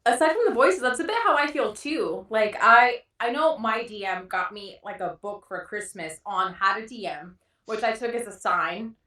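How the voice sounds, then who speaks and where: A woman's voice: medium pitch, expressive, moderate pace, bright, forceful tone, far from the mic. A young woman chatting casually on a podcast, giggly and self-deprecating, swearing freely. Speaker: podcast guest. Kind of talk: casual chat. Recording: roomy echo, a bit off-mic.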